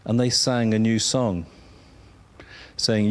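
A man preaching a sermon, drawing words out for emphasis and sometimes dropping to a soft whisper. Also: mid-range voice. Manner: slow, drawn-out emphasis, dropping to a whisper at times.

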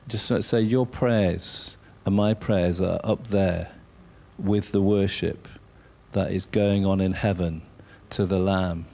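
A man preaching a sermon, drawing words out for emphasis and sometimes dropping to a soft whisper. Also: lowish voice, gravelly. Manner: slow, drawn-out emphasis, dropping to a whisper at times.

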